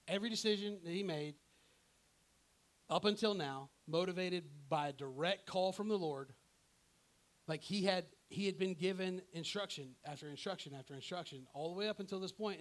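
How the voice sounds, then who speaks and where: A pastor preaching a sermon in a casual, conversational way, acting out the people in his story and checking in with "right?". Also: a little high. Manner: animated, acts out characters in his own voice; conversational, often asks "right?".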